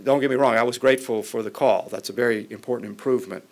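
Man giving a measured policy speech. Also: medium pitch, steady tone. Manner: measured and formal, with occasional restarts. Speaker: member of Congress.

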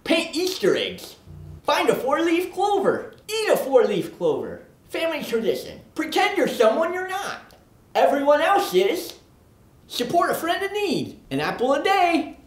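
A performer voicing a boastful oddball man who wants to be a leprechaun, in a comedy sketch monologue, lurching from manic shouts to low mutters. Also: huge pitch swings, measured pace, heavily acted. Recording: roomy echo.

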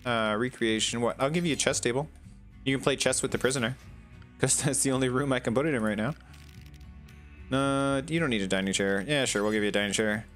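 A man's voice: mid-range voice, fairly quick, a bit bright, faint music behind. A man casually commenting as he plays a video game, chatting to the characters on screen. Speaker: gaming channel host. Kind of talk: casual let's-play commentary.

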